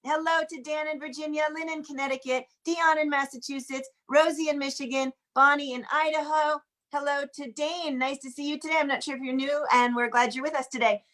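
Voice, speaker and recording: A woman's voice: high voice, fairly even intonation, fairly quick, few pauses, fairly bright tone. A woman hosting an online sing-along over a video call in a chatty, welcoming way, greeting each viewer by name. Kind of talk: casual welcoming chat. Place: home, in Washington DC.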